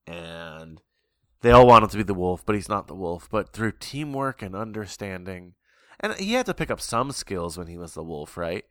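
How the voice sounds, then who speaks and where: A man's voice: deep voice, very animated, moderate pace, bright, forceful tone, dry recording, clean studio sound. A man hosting a podcast who talks about a film in an easygoing way. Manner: easygoing, laughs often. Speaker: podcast host. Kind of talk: casual film discussion.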